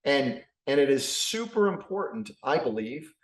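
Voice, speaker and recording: Man talking haltingly in a roomy space. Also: medium pitch, sing-song. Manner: hesitant, many fillers and restarts. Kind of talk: casual conversation. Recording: roomy echo.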